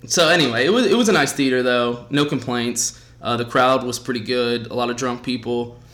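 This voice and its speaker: A male podcast host chatting casually, spinning an animated, expletive-laced story. His pitch sits in a middling range for a man, neither deep nor high. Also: brisk.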